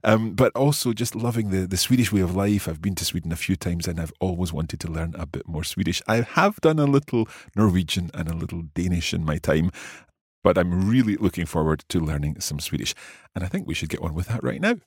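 A man's voice: low voice, lively intonation, a little fast, slightly rough, no room sound, studio quality. A middle-aged man hosting a language lesson podcast, curious and good-humoured, asking lots of questions. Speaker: podcast host and learner. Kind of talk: scripted language lesson chat.

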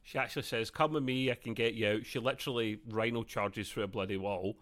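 A man's voice: on the low side, fairly even intonation, fast, fairly bright tone. Chatty man reviewing an episode. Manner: chatty, laughs often, acts out quotes. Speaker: podcast co-host. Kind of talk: casual review chat.

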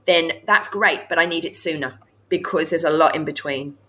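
A woman's voice: low voice, moderate pace, sharp tone. A woman hosting a casual chat, giving frank and chatty feedback on a piece of writing, laughing often.

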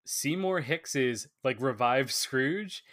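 A man's voice: medium pitch, slow. Man animatedly retelling movie scenes. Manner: animated retelling with acted-out quotes. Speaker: film podcast co-host. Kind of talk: casual chat.

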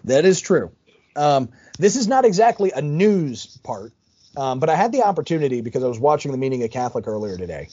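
A man chats and jokes on a podcast, his voice lively and moving widely in pitch. The tone is mellow with a husky edge, and the recording sounds a little dull and lo-fi. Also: a little fast, no echo. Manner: animated, joking, chatty. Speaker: podcast co-host. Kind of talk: casual podcast chat.

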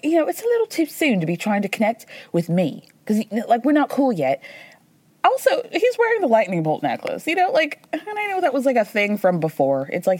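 A woman hosting a podcast, recapping reality TV in a chatty, sarcastic way with quick asides and playful impressions of the people she quotes. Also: fairly high pitch, darkish tone, no room sound. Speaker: podcast host. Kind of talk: casual recap commentary.

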